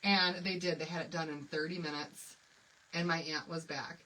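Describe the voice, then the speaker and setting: A woman hosts a craft livestream, swapping stories with her viewers in a lively, confiding way. Her voice is bright and forward. She sits a bit back from the mic, with a faint hum of background noise. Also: sits low, normal speed, recorded from a distance, poor audio. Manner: animated, confiding, addresses viewers and commenters by name. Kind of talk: chatty storytelling while demonstrating a craft.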